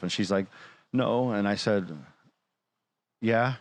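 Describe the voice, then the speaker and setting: Low-pitched man, casual storyteller, acts out the dialogue, talk-show guest. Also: a little slow. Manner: animated, quotes others in dialogue.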